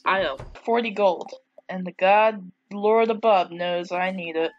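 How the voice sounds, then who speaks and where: Woman, wry let's-play chatter, joking asides, slow unhurried pace, dull lo-fi recording with faint hiss. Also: mid-range voice. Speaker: game player. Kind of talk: casual let's-play commentary.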